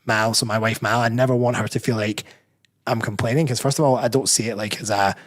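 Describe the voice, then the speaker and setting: A man's voice: mid-range voice, fairly even intonation, fast. A Scottish man, a personal trainer and bodybuilder, talking candidly as a guest in a casual interview, often restarting his sentences. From Scotland. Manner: candid, rambling, self-correcting.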